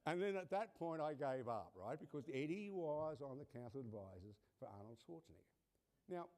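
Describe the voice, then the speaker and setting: Brief: lively male host spinning a comic introduction, somewhat high voice, swooping intonation. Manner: animated storyteller, acts out quoted voices. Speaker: conference host introducing the speaker. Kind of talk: humorous anecdotal introduction.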